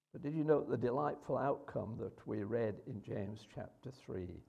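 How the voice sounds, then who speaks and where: A man's voice: medium pitch, moderate pace, creaky, few pauses, a little mellow, slightly rough, highs cut off. A man preaching a sermon in a conversational way, with rhetorical questions and hesitations.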